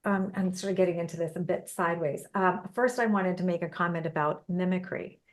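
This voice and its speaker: A woman's voice: on the low side, steady tone, fairly quick. Woman host on an interview podcast, chatty, keeps telling little stories from her own life. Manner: chatty, personal anecdotes, laughs easily. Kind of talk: casual interview chat.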